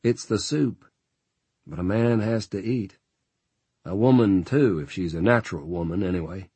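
A grim frontier rider who has seen too much, talking in an unhurried rural drawl, as a man reads him aloud. The voice sits very low and a touch husky. The recording is close and dry, with no room around it. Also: dark tone, no room sound. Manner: rural drawl, folksy grammar.

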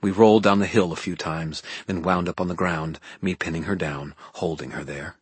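A man narrating a fantasy audiobook in a steady, dramatic storytelling manner. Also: low-pitched, moderate pace, slightly rough, dry recording.

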